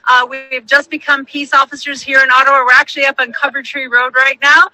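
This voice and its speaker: A man's voice: very high-pitched, little pitch movement, fairly quick, pushed and bright, no echo, low-quality recording. A man livestreaming from his phone outdoors, flustered and apologizing as he fumbles his phone. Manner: flustered, apologizing mid-stream.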